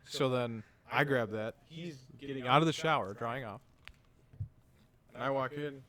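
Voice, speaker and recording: Speaking a little slowly with a mid-range, fairly bright voice, a man in his thirties co-hosts a podcast and spins a rambling family anecdote in casual conversation. He swears freely and acts out the dialogue.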